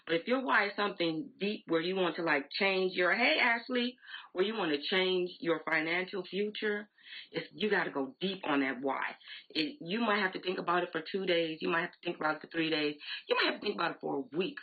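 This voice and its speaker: Brief: emphatic, conversational woman, 40s, on a tinny live stream, a bit husky. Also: on the low side. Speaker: direct sales team leader. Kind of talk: motivational live-stream talk. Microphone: phone or laptop live stream. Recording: tinny phone-like audio.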